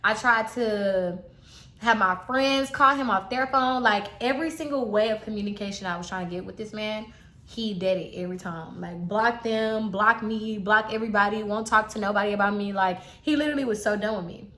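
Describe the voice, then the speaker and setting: Bright-voiced young woman in a roomy space. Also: mid-range voice, brisk. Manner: chatty, animated, talks straight to viewers. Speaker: vlogger telling a personal story. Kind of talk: casual storytime chat. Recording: roomy echo.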